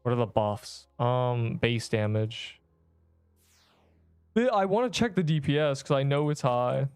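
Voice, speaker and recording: A man's voice: medium pitch, sing-song, measured pace, clean tone, no echo, clean studio sound, soft background music. A young man chatting casually with his viewers while he plays a video game, rambling and slangy. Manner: rambling, slangy, talks to chat while playing. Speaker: streamer. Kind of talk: casual gaming livestream chat.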